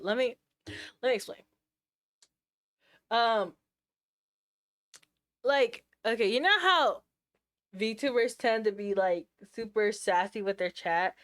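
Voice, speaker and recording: A woman talking casually to her live stream chat at her desk mic. She is sassy and full of slang, and she keeps breaking into quick asides and restarting her sentences. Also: mid-range voice, a bit bright.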